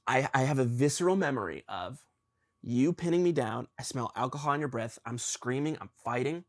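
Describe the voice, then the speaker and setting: Young guy podcaster, earnest, halting, talking it through w his dad. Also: mid-range voice, animated. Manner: earnest, confessional, halting with ums. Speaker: podcast host. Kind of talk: emotional conversation with his father.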